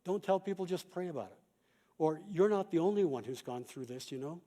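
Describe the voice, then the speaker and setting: Calm mellow-voiced male pastor. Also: fairly high pitch. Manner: calm, measured teaching with quoted examples. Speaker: pastor and chaplain. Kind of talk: conference talk.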